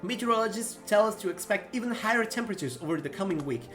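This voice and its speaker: A man's voice: animated, fast talker, over music. A man reading out a TV weather forecaster's lines while playing a game, in a raised newsreader voice. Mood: formal. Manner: bright newsreader delivery, pitched up. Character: male TV weather forecaster, calm and formal. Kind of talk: reading game dialogue aloud.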